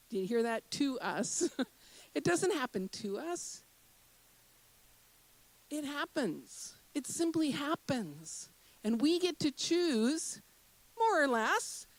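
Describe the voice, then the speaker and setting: High-voiced woman preaching a sermon. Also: poor audio. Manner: emphatic and repetitive, with rhetorical questions to the congregation; slows into a soft, guided breathing meditation. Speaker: minister.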